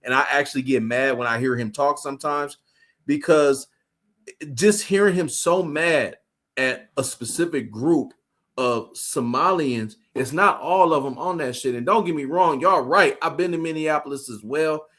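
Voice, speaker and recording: A man's voice: a little high, normal speed, fairly bright tone. A man co-hosting a live talk show, speaking casually with street slang and profanity. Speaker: co-host.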